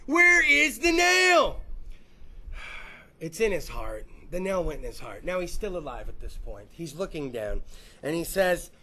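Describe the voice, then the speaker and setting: A man hosting a podcast, telling crude, rambling stories full of swearing and quick put-on voices. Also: a little high, lively intonation, breathy edge. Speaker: podcast host. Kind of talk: crude comedic podcast rant.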